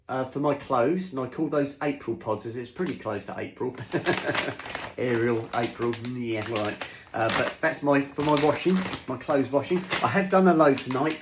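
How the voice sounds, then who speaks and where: A man's voice: medium pitch, reverberant, a little hiss or hum. A man chatting casually on his home vlog as he unpacks groceries in his kitchen, rambling along and talking to his dogs. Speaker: vlogger. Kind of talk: casual chat.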